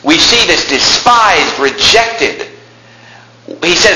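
A man preaching a fiery sermon, swinging between hushed passages and shouting, turning mocking and sarcastic. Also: sits high, animated, normal speed, roomy sound, a little hiss or hum, low-quality recording.

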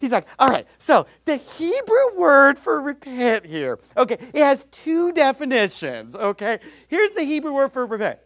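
A man's voice: very high voice, huge pitch swings, moderate pace, hardly any pauses, a bit bright, no room sound, clean studio sound, pitched above the performer's own voice, exaggerated voice. A man imitating another preacher's chirpy, over-cheerful way of talking, as if to toddlers. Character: grown male preacher, chirpy sing-song tone.

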